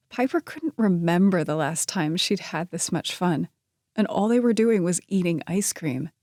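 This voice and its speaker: A woman narrating a romance novel in an even, measured reading voice on a close studio mic. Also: lowish voice, no echo. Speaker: audiobook narrator. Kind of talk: scripted narration.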